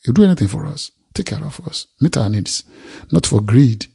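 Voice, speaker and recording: A man's voice: mid-range voice, animated, moderate pace, vocal fry, warm tone, slightly rough. A man preaching a sermon, reading scripture aloud and expounding it, repeating phrases for emphasis.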